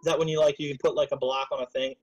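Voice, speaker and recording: A man's voice: a little high, level tone, rapid-fire, dull audio. A man streaming a game, chatting casually and rambling, swearing often, with frequent hiccups. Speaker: server admin streaming gameplay. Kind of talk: casual gaming chat.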